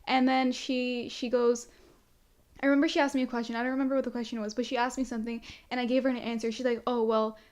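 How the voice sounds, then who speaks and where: A woman's voice: fairly high pitch, fast. A young woman in her late teens, a student trustee guest, telling a story in casual chat, full of filler words. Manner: excitable, packed with filler "like".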